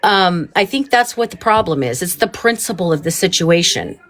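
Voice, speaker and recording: A woman's voice: on the low side, lively intonation, normal speed, a bit bright. A woman hosting a livestream, in a heated, profane and rambling rant. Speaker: livestream host.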